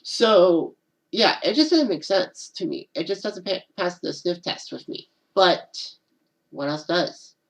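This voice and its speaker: With lively intonation and a measured pace, a woman whose voice runs on the low side talks alone on her own channel. Her commentary rambles casually, "and all that" comes up again and again, and the recording is low quality.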